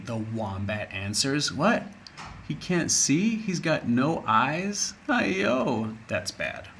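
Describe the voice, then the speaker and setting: Brief: man, teacher reading a children's story, expressive, explains slowly. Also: medium pitch, vocal fry, a little hiss or hum. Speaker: English teacher. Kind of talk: reading a story aloud to young learners.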